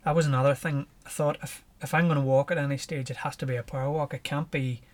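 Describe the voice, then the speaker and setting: A man with a Northern Irish accent, a podcast guest telling his story in a relaxed, lively way and chuckling as he goes. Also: medium pitch, fast. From Northern Ireland. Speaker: podcast guest, ultra runner. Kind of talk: casual storytelling.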